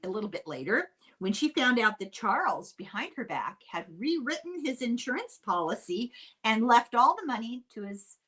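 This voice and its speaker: An older woman hosts a podcast of casual true-crime storytelling, her voice on the high side, very animated and fairly bright. She's chatty and unhurried, dropping dry asides along the way.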